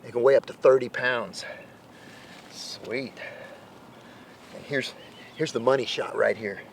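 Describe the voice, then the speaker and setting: A man hosting a hunting show, giving excited outdoor commentary in the field, at times dropping to a hushed voice. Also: medium pitch, fairly quick, creaky, slight background noise.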